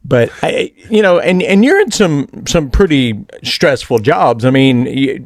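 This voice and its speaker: A man's voice: a little high, big pitch swings, a little slow, dry recording, studio quality. A man co-hosting a podcast, rambling casually with frequent restarts. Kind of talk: casual interview chat.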